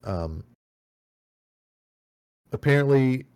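A man's voice: medium pitch, expressive, extremely slow, a little mellow, smooth. A man co-hosting an audio podcast, reviewing a video game in a casual, rambling way, swearing often and restarting his sentences. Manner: rambling, profane, with many restarts. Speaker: podcast co-host.

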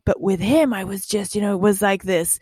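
A woman hosting a podcast conversation, speaking in a halting, emphatic way with many restarts. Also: medium pitch, darkish tone, breathy edge, no echo, studio quality. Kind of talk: candid conversation.

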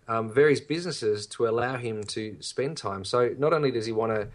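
A man's voice: mid-range voice, normal speed. A man co-hosting a podcast, talking earnestly and encouragingly to listeners and his co-host. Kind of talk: casual podcast chat.

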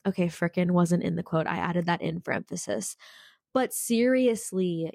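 A woman's voice: fairly low pitch, moderate pace, creaky, no room sound, clean studio sound. Peppy woman podcast host with a cold. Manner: energetic, peppy, says frickin' a lot. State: sick with a cold. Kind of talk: casual self-help podcast monologue. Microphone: studio podcast mic.

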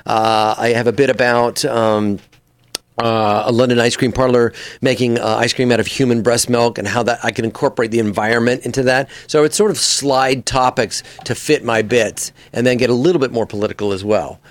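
A man's voice: medium pitch, fairly quick. A man, a comedian and voice actor, telling stories in an interview and slipping into character voices. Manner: animated storyteller who slips into character voices. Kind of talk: casual interview chat.

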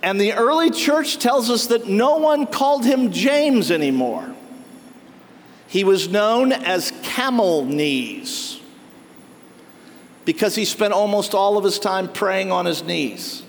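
A man preaches with a high, lively voice that swoops up and down as he acts out what other people said. His words ring out through a hall with a long reverb. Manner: animated storytelling, acting out quoted townspeople. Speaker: pastor. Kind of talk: sermon.

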